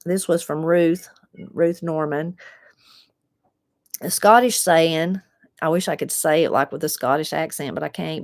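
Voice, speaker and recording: A woman with an Appalachian accent, reading viewer comments in a low voice and talking them over in an easy, folksy way. The sound is dry and close, with no room echo. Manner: unhurried, folksy, reflective. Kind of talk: casual chat.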